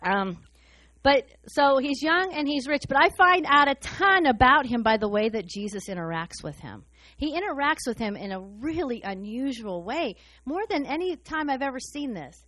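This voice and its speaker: A woman preaching a sermon in a fast, excited, humorous way. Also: high-pitched, no room sound.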